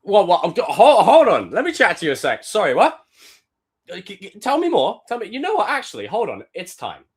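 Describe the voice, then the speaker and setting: Lively, swearing young male streamer. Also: high voice, fairly quick, husky. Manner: animated, profane, loud outbursts. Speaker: streamer reacting to film clips. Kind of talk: live-stream commentary.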